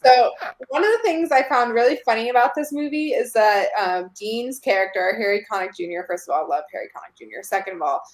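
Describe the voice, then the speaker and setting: A woman's voice: fairly high pitch, animated, quick pace, hardly any pauses. A woman co-hosting a film review talk show, chatting casually and with enthusiasm. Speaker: podcast co-host. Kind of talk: casual movie review chat.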